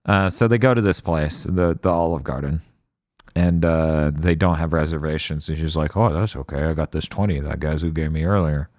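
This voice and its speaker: A man co-hosting a casual podcast, recapping an episode with sardonic asides and quick put-on character lines. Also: extremely low pitch, darkish tone, dry recording, clean studio sound.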